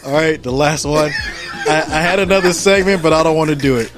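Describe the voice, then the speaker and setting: A man's voice: on the high side, fairly quick, music in the background. A man hosting a podcast in casual chat, laid-back and teasing his guest. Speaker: podcast host.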